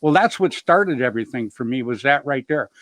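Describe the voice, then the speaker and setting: A middle-aged man hosts a show, telling rambling, upbeat stories and jokes about himself, saying "you know" constantly. His voice is medium-pitched, a bit bright, with lively intonation and a fairly quick pace. There's no room sound in this casual storytelling chat.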